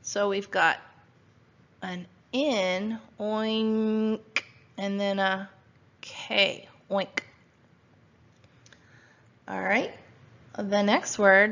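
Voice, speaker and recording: A woman's voice: medium pitch, creaky, a bit bright. A woman teaching a phonics spelling lesson to first graders, patiently sounding out letters and asking questions, recorded at home. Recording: dull lo-fi recording.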